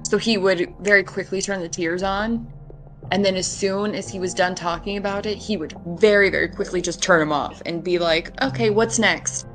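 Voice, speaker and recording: A woman's voice: mid-range voice, fairly even intonation, moderate pace, soft background music, rough recording. A woman hosting a podcast, talking casually and skeptically about a criminal case. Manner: chatty, skeptical, fond of quoting others in mock voices. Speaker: podcast host. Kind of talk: casual true-crime chat.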